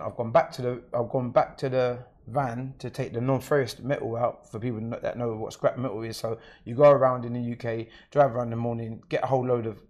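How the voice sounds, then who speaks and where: Mid-range and darkish, this man's voice carries a London accent. He is a guest in an interview, recounting his own experience in a straightforward, matter-of-fact way.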